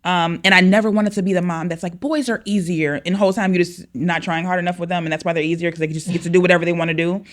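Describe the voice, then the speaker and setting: A woman with a slightly low voice talks casually as a podcast guest. She rambles with many fillers and restarts, and she breaks into quoted asides. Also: flat delivery, very fast, hardly any pauses. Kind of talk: casual chat.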